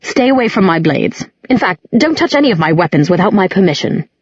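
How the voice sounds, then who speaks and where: A woman's voice: mid-range voice, sing-song, a little fast, breathy edge, no echo, dull audio. A woman voicing an arrogant teenage boy warrior who talks in a haughty, curt, disdainful way.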